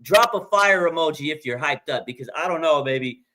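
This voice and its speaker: A man hosting a fan livestream, talking excitedly in slangy bursts and letting out loud whoops. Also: a little high, fairly quick. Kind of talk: hyped fan livestream commentary.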